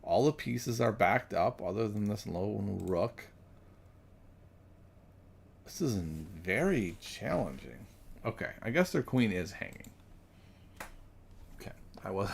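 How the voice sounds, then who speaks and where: A man's voice: lowish voice, animated, slow, vocal fry, pauses often, slight background noise. A man thinking aloud as he solves chess puzzles, musing and correcting himself, then chatting with viewers. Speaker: chess streamer.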